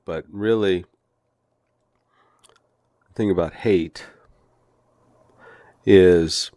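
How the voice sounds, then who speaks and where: A man teaching a devotional Bible lesson in a slow, deliberate, folksy way, with humorous personal stories. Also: low voice, darkish tone, dry recording, clean studio sound.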